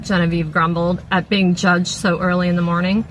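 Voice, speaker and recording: A woman reads a novel aloud in a plain, mid-range voice. She keeps a steady read-aloud pace and restarts a word now and then. A faint hiss of background noise sits under the recording. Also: mid-range voice, brisk, few pauses, rough recording. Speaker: audiobook reader.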